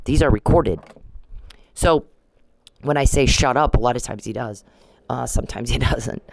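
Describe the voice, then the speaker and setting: A woman's voice: extremely low pitch, normal speed, vocal fry, darkish tone, dry recording, low-quality recording. A middle-aged woman in a ranting vlog monologue, confrontational and repetitive, scolding someone directly. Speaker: vlogger.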